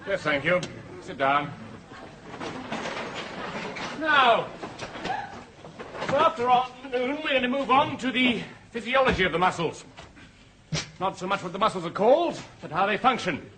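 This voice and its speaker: A brisk English RAF instructor, crisp and formal in his clipped speech. The voice sits high and swings widely. The old TV soundtrack under it is plainly hissy. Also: sing-song. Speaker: RAF squadron leader instructor. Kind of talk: 1980s TV sitcom acting.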